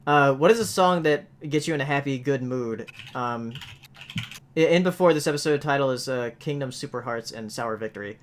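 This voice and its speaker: A man's voice: mid-range voice, normal speed, slight background noise. A man hosting a podcast, reading out listener questions with hesitant filler words. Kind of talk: casual chat.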